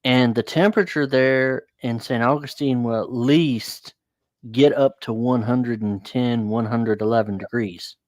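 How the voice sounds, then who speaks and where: A man's voice: mid-range voice, fairly even intonation, measured pace, dry recording. Guy rambling thru a story on his show, blunt, swears a lot, dry close sound. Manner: rambling, many fillers and restarts, blunt swearing. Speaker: host telling a story. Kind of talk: casual storytelling chat.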